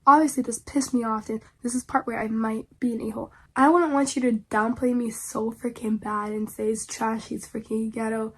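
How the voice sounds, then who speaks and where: A woman's voice: fairly high pitch, fairly even intonation, brisk, few pauses, a bit bright, slightly rough. A woman reading online posts aloud and reacting to them in casual, slangy commentary, often pleading dramatically with her viewers.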